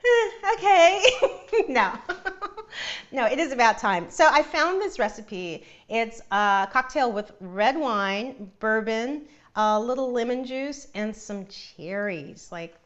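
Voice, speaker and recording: A woman's voice: on the high side, expressive, slow pace, a bit bright, muffled recording. A woman from Northern California hosting a casual live cooking demo, chatty and giggly and laughing often. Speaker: host of a cooking show.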